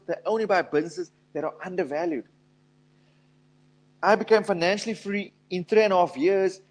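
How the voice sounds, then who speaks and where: An investment speaker gives an emphatic motivational talk, telling stories and acting out quotes. His voice is high-pitched with a darkish tone.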